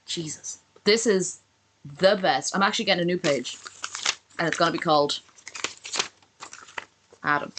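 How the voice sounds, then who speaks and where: A woman's voice: lowish voice, normal speed, pauses often, background noise. A woman streamer reacting live to a video, sarcastic and swearing constantly in casual commentary.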